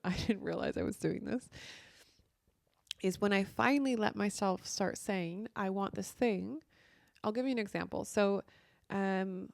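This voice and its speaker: A woman's voice: medium pitch, gravelly, darkish tone, dry recording, studio quality. A young adult woman talking casually about her life, a spiritual coach who fills her talk with "like" and "you know.". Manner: chatty, heavy use of "like" and "you know". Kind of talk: casual monologue.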